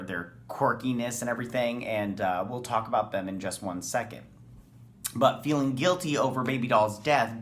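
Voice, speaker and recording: A man with a medium-pitched, slightly bright voice hosts a casual review of a TV episode. He rambles enthusiastically, packing his talk with ums and uhs.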